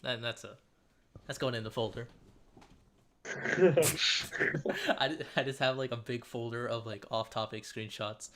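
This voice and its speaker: Bright-voiced man joking casually. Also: mid-range voice, measured pace, long pauses, a little hiss or hum. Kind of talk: casual chat.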